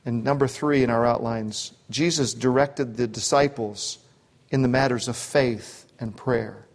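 A man's voice: medium pitch, steady tone, a little slow. A man preaching a sermon in a conversational way, with asides and acted-out quotes. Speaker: pastor. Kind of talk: expository sermon.

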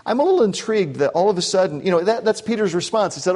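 A man delivers a sermon from an outline, working through points in a conversational, unscripted way. His voice sits somewhat high for a man. He breaks off into asides and acts out short quotes. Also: expressive, very fast, a little mellow. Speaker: pastor. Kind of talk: expository sermon.

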